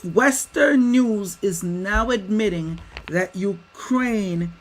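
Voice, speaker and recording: Slow, emphatic man on a livestream. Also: high-pitched, low-quality recording. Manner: emphatic, rhetorical questions to viewers; addresses viewers as y'all. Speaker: livestream host. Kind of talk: livestream commentary. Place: home setup with a green screen.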